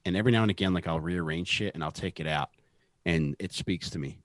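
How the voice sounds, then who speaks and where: A man's voice: low-pitched, quick pace, no room sound, studio quality. A man in his early forties co-hosting a podcast in casual chat, swearing a lot and mocking himself. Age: 40s. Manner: profane, animated, self-mocking. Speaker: podcast co-host.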